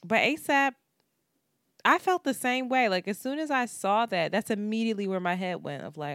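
A woman's voice: mid-range voice, animated, moderate pace, a bit bright, no room sound, studio quality. A woman co-hosting a podcast, telling a story in candid, profane casual chat. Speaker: podcast co-host.

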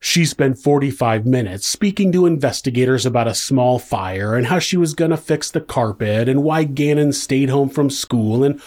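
A man's voice: mid-range voice, a little mellow. A man reading a scripted true-crime narration with dry, sardonic asides.

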